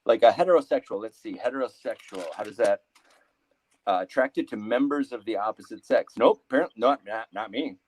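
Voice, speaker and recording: A man in his thirties telling a rambling stand-up story, halting, full of fillers and restarts. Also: mid-range voice, a little mellow, no echo, low-quality recording. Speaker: comedian.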